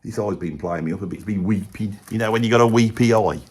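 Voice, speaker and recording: A man's voice: on the low side, fast, darkish tone, slightly rough. A man playing a rambling, gossipy middle-aged Birmingham bloke and ex-roadie, with a Birmingham accent, swearing mildly and wandering off topic. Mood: rambling grumbling. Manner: rambling, peppered with "bloody", chummy asides. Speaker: comedy character ranking bands. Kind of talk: rambling comic monologue to camera.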